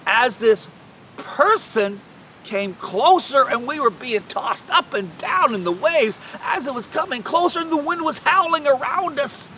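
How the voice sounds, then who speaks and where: A woman retelling a Bible story in the first person as one of the fishermen. She tells it expressively, dropping to a hush and rising to shouts. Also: high voice, unhurried, recorded from a distance, slight background noise. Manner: expressive, swings from hushed to shouting.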